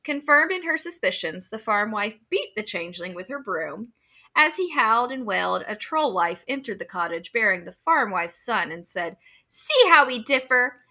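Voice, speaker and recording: A woman's voice: medium pitch, lively intonation, normal speed, sharp tone. A woman co-hosting a podcast, chatting casually and reading folklore aloud, profane and prone to asides and laughter. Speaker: podcast co-host.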